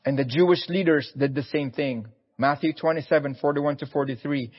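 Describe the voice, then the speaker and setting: A man's voice: a little high, brisk, hardly any pauses, husky, in a large hall, highs cut off. A man preaching a sermon in an earnest, pleading way, often repeating his words.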